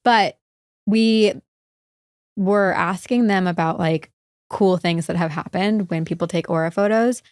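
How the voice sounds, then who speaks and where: Chatty woman with a lowish voice. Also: a little slow, darkish tone, smooth, no room sound, studio quality. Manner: chatty, peppered with "like". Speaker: podcast guest. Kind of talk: casual chat.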